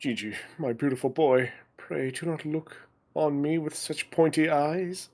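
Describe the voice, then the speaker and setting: A man voicing a pompous, flamboyant gentleman inspector, reading the lines in a grandiose, theatrical way. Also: a little high, a little slow. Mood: tender.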